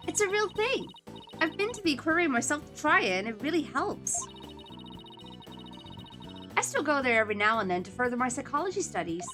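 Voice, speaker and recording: A woman voicing an excitable young female lawyer in a video game, over game music. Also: high voice, brisk, pauses often. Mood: chatty.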